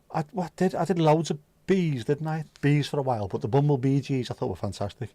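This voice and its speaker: A man's voice: fairly high pitch, brisk, few pauses, dark tone, no room sound. A man hosting a casual livestream, chatting loosely, reading out viewer comments and joking around with plenty of swearing. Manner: rambling, jokey, swears freely. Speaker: livestream host.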